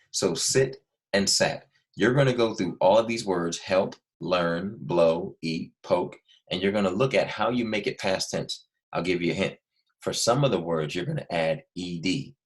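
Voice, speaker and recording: A man with a low-sitting voice teaches a recorded lesson to young students. He explains patiently and goes back over the key points slowly.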